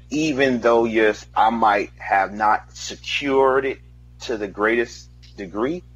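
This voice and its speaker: A man in a heated sports debate, arguing in a deliberate, emphatic way. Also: lowish voice, husky. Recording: dull lo-fi dry sound.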